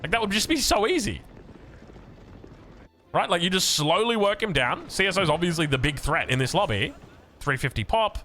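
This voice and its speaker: A man with an Australian accent casting a strategy game, excitable and chatting to the players, his voice jumping up when surprised. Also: high voice, moderate pace, long pauses. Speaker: game caster.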